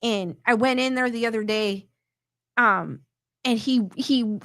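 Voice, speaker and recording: A middle-aged woman hosts a casual live stream, rambling in a chatty way with lots of restarts. Her voice sits a little on the high side. The sound is close and dry, with almost no room echo. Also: measured pace, fairly bright tone. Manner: reads viewer comments aloud. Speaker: host reading chat comments.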